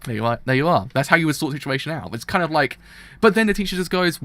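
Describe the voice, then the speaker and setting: A man's voice: a little high, expressive, fast, pushed and bright, no echo. Impassioned man ranting, dry sound. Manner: impassioned, ranting, repeats "kind of" often. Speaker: manga reaction streamer. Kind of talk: live reaction rant.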